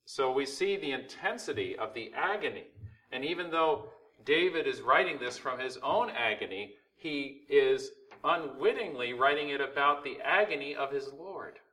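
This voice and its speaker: Male pastor, sermon, bright tense voice, mic some way off, swings loud to hushed. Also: mid-range voice, animated, moderate pace, recorded from a distance, rough recording. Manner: preaching with rising and falling intensity, rhetorical questions.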